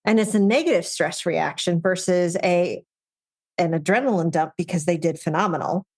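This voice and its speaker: A woman co-hosting a podcast about dog training, chatting in a lively, joking way. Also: lowish voice, normal speed. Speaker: podcast co-host. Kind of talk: casual chat.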